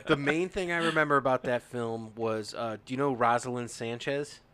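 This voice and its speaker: A man co-hosting a podcast in casual chat, jokey and quick to laugh. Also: mid-range voice, crowd noise. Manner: jokey, quick to laugh, drops silly voices. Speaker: podcast co-host.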